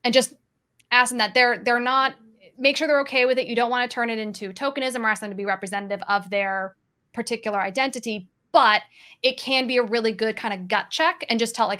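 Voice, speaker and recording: Direct woman panelist, higher voice. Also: steady tone, sharp tone. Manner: direct, practical advice in brisk lists. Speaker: sales coach and panelist. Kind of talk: panel discussion.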